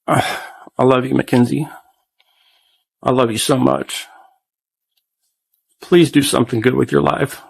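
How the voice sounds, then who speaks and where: A man in his forties with a drawl and a gravelly, creaky voice, talking at a middle pitch. He speaks haltingly into a camera he set up himself, circling back and repeating his words. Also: fairly even intonation. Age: 40s. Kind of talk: recorded personal video message. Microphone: self-recorded camera.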